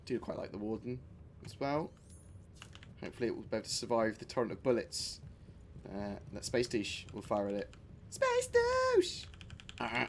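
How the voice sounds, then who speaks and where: A man's voice: lowish voice, fairly even intonation, a little fast, long pauses, a little hiss or hum. A man livestreaming a game, chatting casually, joking and swearing at it while answering chat. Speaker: game streamer.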